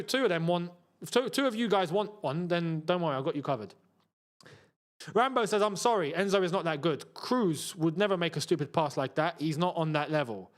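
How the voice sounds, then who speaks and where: Chatty man with lively pitch. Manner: chatty, reads out viewer comments, bursts into emotional shouts. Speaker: football channel host. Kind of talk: live watchalong commentary.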